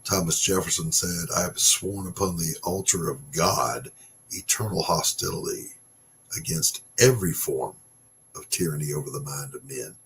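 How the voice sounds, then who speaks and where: Deep-voiced man ranting bluntly. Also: moderate pace, fairly bright tone, a little hiss or hum. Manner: blunt, ranting, sarcastic, swears. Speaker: podcast host. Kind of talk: casual opinion monologue.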